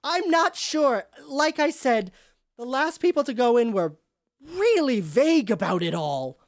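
A woman's voice: high voice, very animated, a little slow, dry recording, clean studio sound, voice pushed up. A woman voicing a chatty, vague woman who drives a carriage, talking in a hesitant, rambling way. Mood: uncertain, chatty.

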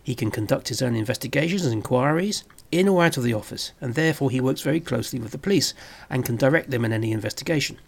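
A man presenting a scripted review of old television, speaking in a measured way with wry asides. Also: medium pitch, lively intonation, creaky. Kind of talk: scripted narration.

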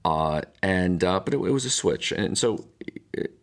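An older man with a very deep voice talks as a pastor on his podcast. His tone is gravelly with a lot of fry. He teaches in a reflective, rambling way, often restarting his sentences. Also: expressive, unhurried. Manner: rambling, many restarts and asides.

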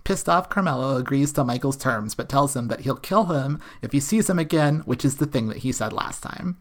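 A woman's voice: very deep voice, animated. Sarcastic woman recapping an episode. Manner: sarcastic, profane, quick recapping. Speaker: podcast co-host recapping a TV episode. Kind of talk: casual chat.

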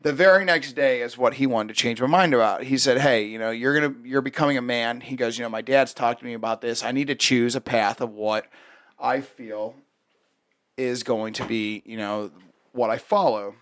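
A man telling a story in casual, profane chat, animated and swearing often. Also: mid-range voice, normal speed, dry recording, studio quality.

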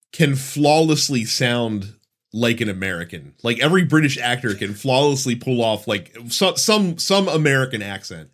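A man's voice: mid-range voice, fairly bright tone. A man hosting a casual gaming podcast, asking his co-host questions and laughing easily. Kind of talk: casual chat.

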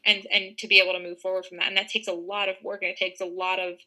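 Sharp, flat-toned woman musing aloud. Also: mid-range voice, fast, poor audio. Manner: reflective, circling thoughts, restarts. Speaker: podcast co-host. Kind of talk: casual podcast chat.

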